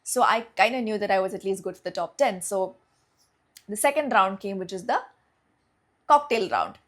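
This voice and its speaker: A woman's voice: medium pitch, expressive, moderate pace. A young woman with an Indian English accent, telling a personal story to camera in a casual, chatty way, full of fillers and acted-out thoughts. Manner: chatty, many fillers, acts out her own thoughts. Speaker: vlogger.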